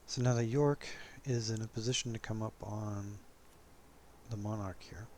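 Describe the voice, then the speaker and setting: Guy with a lowish voice talking over his naval game replay, easygoing, laughs at himself a lot. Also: moderate pace, a little hiss or hum. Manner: relaxed, chuckles often, self-mocking. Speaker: gameplay commentator. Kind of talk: casual game commentary.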